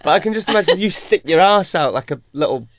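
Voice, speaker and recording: A man's voice: high voice, animated, quick pace, fairly bright tone, no room sound. Teasing British male radio host. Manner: teasing, playful. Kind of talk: casual chat.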